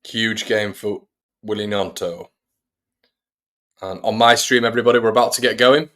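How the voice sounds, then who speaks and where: A man hosts a fan stream and talks the match through play by play. His voice sits on the low side, and he keeps his tone relaxed and chatty. He breaks off the commentary to answer viewers. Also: normal speed. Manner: chatty, reads out viewers' messages between play-by-play. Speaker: fan channel host. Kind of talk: live watch-along match commentary.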